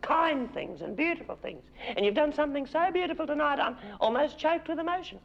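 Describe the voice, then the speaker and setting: A man's voice: very high-pitched, expressive, brisk, creaky, lo-fi sound, a little hiss or hum, full character voice. A man playing a gushing, condescending middle-aged Australian housewife superstar, trading backhanded compliments with the audience in a live stage comedy act. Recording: live theatre recording, loud audience.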